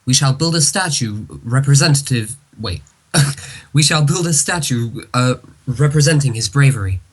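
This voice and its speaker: A man reading a regal female pony princess from a comic aloud, in a halting way. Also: medium pitch, animated, husky. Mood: earnest. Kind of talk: casual comic read-along.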